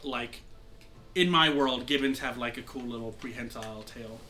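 A man's voice: mid-range voice, moderate pace, bright, forceful tone, slight background noise. A young man narrating a tabletop game as game master, rambling with lots of fillers. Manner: rambling, heavy use of "like" fillers.

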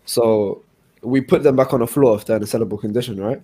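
A man chatting casually with friends, telling a slangy anecdote with quick asides. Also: mid-range voice, dark tone, husky. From India. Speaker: podcast co-host. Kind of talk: casual chat.

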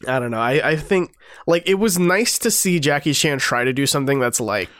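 A man with a mid-pitched voice chats about a film on a podcast. He is easygoing, laughs often and uses many fillers. The recording is dry. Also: expressive, fairly quick, fairly bright tone, no room sound. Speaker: podcast co-host. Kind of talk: casual film review chat.

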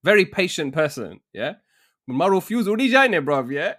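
A young man, casually telling a dating story on a podcast, animated and laughing often. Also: fairly high pitch, a little slow. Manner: animated, laughing often, says "bruv" a lot. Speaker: podcast co-host.

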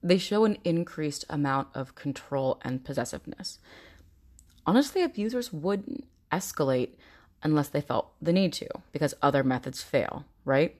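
Low-voiced woman hosting a podcast. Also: expressive, normal speed, darkish tone. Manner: earnest and direct, acting out quoted abusers in mocking voices. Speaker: podcast host. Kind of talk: informative podcast talk.

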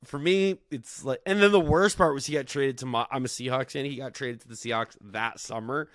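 A young man tells stories to a podcast mic, animated and quick to act out the people he quotes. He swears freely and keeps a casual tone. His voice sits in a middle register, recorded dry and close. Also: mid-range voice, dry recording. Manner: animated, swearing, quoting others in dialogue. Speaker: podcast guest. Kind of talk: casual storytelling.

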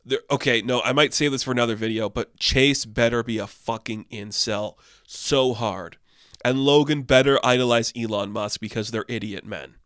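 A young man riffs through entertainment news in a casual, animated way, his tone swinging between deadpan sarcasm and sudden excited highs. His voice is smooth and resonant at a middle pitch. The sound is dry and close, with no room around it. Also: normal speed, dry recording. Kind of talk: casual commentary.

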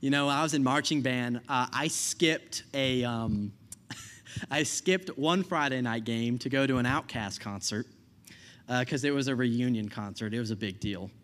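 A young man delivers a sermon in a relaxed, chatty style, frequently asking "right?" and laughing at his own stories. His voice is medium-pitched and a bit bright, and he speaks a little slowly.

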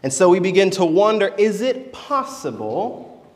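A man's voice: high-pitched, very animated, a little slow, a little mellow. A man preaching a sermon, telling a story and acting out its voices. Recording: echoey church hall.

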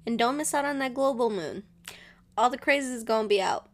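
A woman's voice: a little high, fairly quick. A woman hosting her own show, chatting casually and rambling, laughing often and switching into Spanish now and then. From Mexican family. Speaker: podcast host. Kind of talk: casual solo chat.

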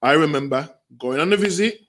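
Animated man telling stories. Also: on the high side, fairly quick. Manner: slangy, acts out quoted voices, bursts into laughter. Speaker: youth violence researcher and guest. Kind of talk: animated storytelling conversation.

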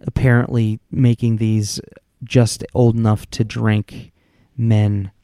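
Halting, rambling man reviewing a movie. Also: lowish voice, little pitch movement, mellow, dry recording, studio quality. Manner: rambling, halting, many restarts. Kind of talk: casual movie review chat.

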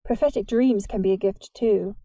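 Woman reader doing a polite, gentle teen boy, mellow tone, earnest. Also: mid-range voice, moderate pace, no room sound, highs cut off, close to an everyday voice. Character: gentle teenage boy who loves hurt animals.

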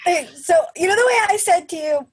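A woman's voice: very high voice, lively intonation, no room sound. A young woman co-hosting a podcast, chatting casually in a sheepish, giggly way. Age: young adult. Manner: sheepish, giggly, quick to laugh. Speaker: podcast co-host. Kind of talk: casual chat.

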